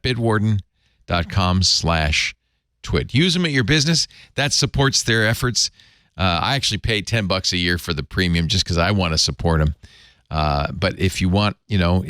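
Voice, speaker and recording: A man's voice: sits low, fairly quick, clean tone, no room sound, clean studio sound. A man hosting a tech talk show, reading sponsor spots and trading jokes with panelists. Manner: lively, chuckling, joking asides. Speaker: podcast host. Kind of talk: casual tech talk show chat with ad reads.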